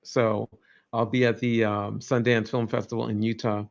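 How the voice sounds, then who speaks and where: A man's voice: fairly low pitch, flat delivery, moderate pace, gravelly. A man hosting a casual livestream, rambling and joking as he chats with viewers. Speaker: livestream host. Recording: dull lo-fi stream audio.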